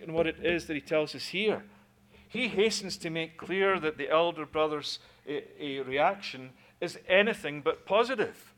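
A man's voice: sits high, fairly bright tone. A man preaching a sermon in an earnest way, often repeating words as he builds a point.

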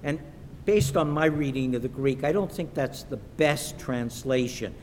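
A man preaching a sermon in a church, slow and emphatic, sometimes acting out the voices of the people in his stories. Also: darkish tone. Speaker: pastor. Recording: echoey hall with faint rumble.

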